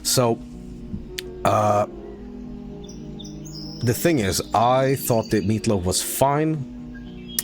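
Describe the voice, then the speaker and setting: Male streamer, low-ish voice, lively pitch, rambling and sweary, faint game music under the voice. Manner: rambling storyteller, swears casually, laughs loudly. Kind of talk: casual live-stream chat while gaming.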